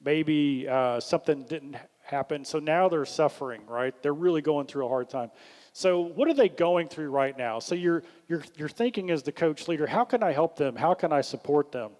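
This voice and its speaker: A man giving a leadership workshop talk, animated, acting out the questions he suggests. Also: on the high side, moderate pace. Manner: animated, acts out questions in a lifted voice. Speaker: workshop speaker. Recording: long hall reverb.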